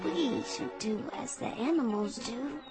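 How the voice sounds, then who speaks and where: An actress playing a gentle young woman in a radio drama, soft and coaxing. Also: on the high side, unhurried, lightly acted. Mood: sensual. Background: music.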